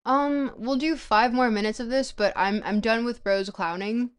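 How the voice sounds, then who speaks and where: A woman's voice: fairly high pitch, moderate pace. A tired woman streaming herself reading a book aloud, chatting casually and stumbling over foreign words.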